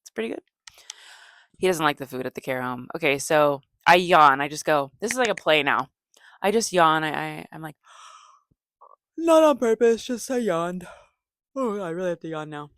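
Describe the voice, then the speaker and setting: A woman comedian hosting a podcast, telling stories in a deadpan, low-energy way, rambling with fillers and self-corrections. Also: normal speed. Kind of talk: casual storytelling monologue.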